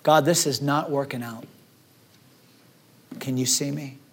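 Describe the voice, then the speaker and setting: A man's voice: medium pitch, fairly even intonation, a little slow, fairly bright tone, husky. A man preaching a sermon as pastor, acting out the despairing words of the people in his story. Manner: dramatic, acts out despairing voices.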